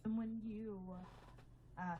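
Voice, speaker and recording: A woman's voice: on the high side, steady tone, slow pace, narrow, tinny audio, slight background noise. A woman telling her story candidly as an interview guest, emotional and acting out quotes.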